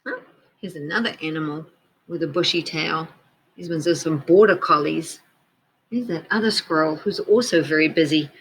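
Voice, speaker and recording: A woman teacher reading a picture book aloud to children, gently pointing out details in the pictures as she goes. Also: low voice, normal speed, slight background noise, poor audio.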